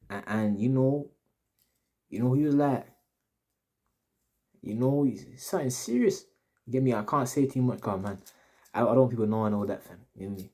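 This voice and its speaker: A young male vlogger with a mid-range voice and dark tone tells his audience a story. He speaks in a casual, rambling, slang-heavy way and repeats himself often.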